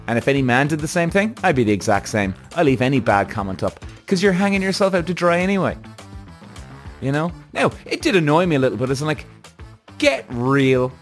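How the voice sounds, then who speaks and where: Man, podcast host, solo rant, blunt, profane, heated, keeps correcting himself, middle-pitched voice. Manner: restless, self-correcting.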